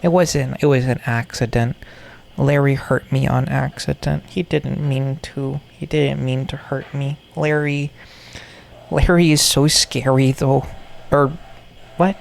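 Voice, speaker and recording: Video maker riffing on toys; gravelly fry, mid pitch, repetitive ironic jokes. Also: fairly even intonation, slow, darkish tone, a little hiss or hum. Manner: jokey, repetitive, ironic asides. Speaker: video maker reacting to toy content. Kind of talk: rambling reaction commentary.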